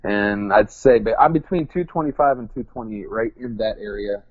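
Low-voiced man, rambling and joking. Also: normal speed, no echo, narrow, tinny audio. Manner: rambling, self-deprecating, joking. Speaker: guest. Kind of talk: casual interview chat.

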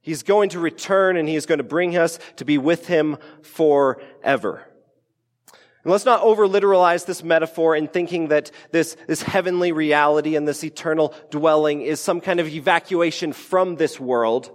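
Conversational male pastor in reverberant hall. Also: a little high. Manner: conversational, playful asides, acts out quotes. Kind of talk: sermon. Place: church sanctuary. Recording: church hall with long reverb.

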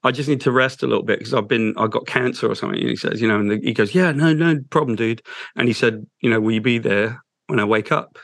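A man's voice: mid-range voice, vocal fry, dry recording. Heartfelt man telling a story. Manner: halting, with restarts, soft and heartfelt. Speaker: interview guest. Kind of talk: emotional storytelling in an interview.

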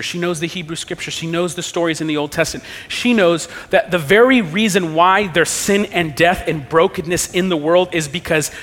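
Earnest preacher in a reverberant church hall. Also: male voice, high voice, fairly bright tone. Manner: earnest, preaching with emphatic swings in volume. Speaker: pastor. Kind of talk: sermon. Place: church sanctuary.

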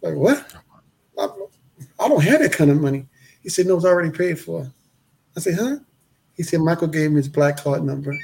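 A man telling his life story in a casual interview, animated and acting out the voices of the people in it. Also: a little high, fast talker, creaky, a little hiss or hum. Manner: animated, acts out quoted voices, repeats phrases.

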